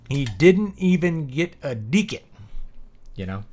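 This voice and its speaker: A man who is both a teacher and an author talks over his gameplay in a loose, rambling way, offering opinions and lots of ums. He speaks slowly with long pauses, in a fairly high, darkish voice that swings widely in pitch.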